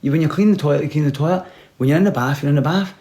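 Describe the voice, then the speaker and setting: A man giving rambling, deadpan comic advice, sometimes dropping to a whisper. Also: fairly high pitch, racing. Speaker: comedian. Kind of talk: comic monologue.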